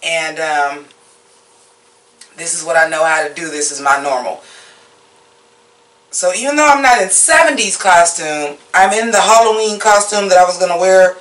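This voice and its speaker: A TV-show reviewer talking in a loose, casual recap style, cursing freely and blunt about every complaint. The voice sits at a mid pitch and sounds set back from the mic, bouncing around an echoey room. The tone turns mocking whenever a scene falls flat. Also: recorded from a distance. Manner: blunt, profane, opinionated; animated, mocking. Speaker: TV episode reviewer.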